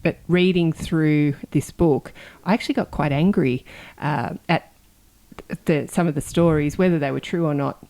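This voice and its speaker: A woman co-hosting a podcast, chatting casually about a book in halting phrases with restarts. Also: deep voice, mellow. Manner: halting, with frequent restarts while gathering thoughts. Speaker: podcast co-host and pilot. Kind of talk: casual chat.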